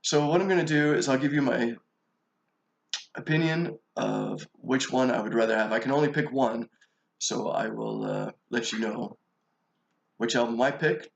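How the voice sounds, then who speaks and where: A man's voice: mid-range voice, normal speed, creaky, highs cut off. A man hosting his own channel, announcing his pick in a loose, rambling way. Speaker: channel host. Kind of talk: casual vlog commentary. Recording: echoey room.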